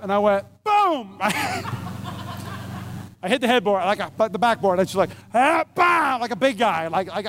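Male pastor with a very high voice, animated storyteller, punchy repetition, faint noise behind. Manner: animated storyteller, acts out scenes with exclamations; emphatic repetition of key phrases. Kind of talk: sermon with humorous personal story.

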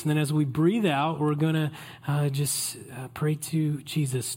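A man preaching a Christmas Eve sermon as pastor, in a relaxed, conversational way that invites the congregation in. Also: a little high, moderate pace.

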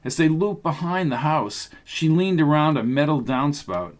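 Steady male audiobook narrator. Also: on the high side, normal speed. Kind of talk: scripted narration.

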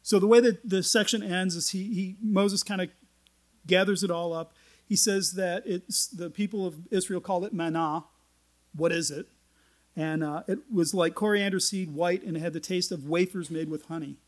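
High-voiced man preaching casually. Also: fairly even intonation, moderate pace. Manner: conversational, reads scripture aloud and explains it; folksy and joking asides. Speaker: pastor. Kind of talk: sermon.

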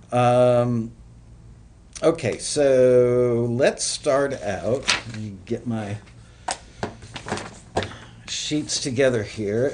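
A man hosting a music production show, giving relaxed, rambling advice with many fillers. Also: mid-range voice. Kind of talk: casual instructional talk.

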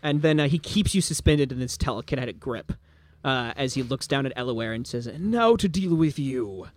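A man narrating a tabletop game as game master in an animated, rambling way. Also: mid-range voice, fairly quick, no echo.

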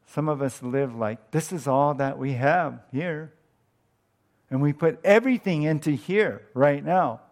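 A man preaching a sermon as pastor, in a conversational way, asking his listeners questions and letting phrase ends drop off softly. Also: medium pitch.

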